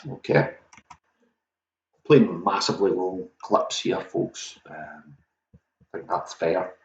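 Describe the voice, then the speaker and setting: Man hosting a pub quiz, low voice, chatty and self-mocking, muffled echoey room. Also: fairly even intonation, takes it slowly, vocal fry. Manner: chatty, self-mocking, talks to viewers directly.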